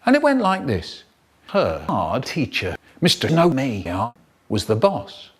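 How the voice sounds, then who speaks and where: A young man narrating an absurd, crude comic story in a deadpan way. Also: mid-range voice, slow pace, breathy edge. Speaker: comedy voiceover narrator.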